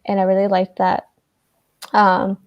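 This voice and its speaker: An American woman joins an online book club and talks with clear enthusiasm. She fills her pauses with frequent ums. Her voice is medium in pitch and plain. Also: monotone, dull audio. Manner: enthusiastic, warm, frequent um fillers. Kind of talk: casual online book discussion. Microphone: video call.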